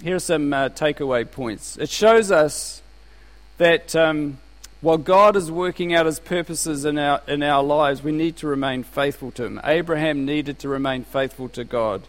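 Pastor, man, slightly high voice, chatty sermon with questions, long hall reverb. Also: normal speed. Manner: conversational preaching with rhetorical questions and anecdotes.

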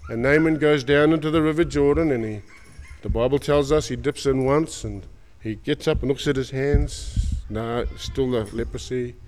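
Australian preacher, slangy storytelling. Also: male voice, mid-range voice, normal speed, darkish tone, long reverb tail. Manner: colloquial storytelling, acting out characters. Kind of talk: sermon. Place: church.

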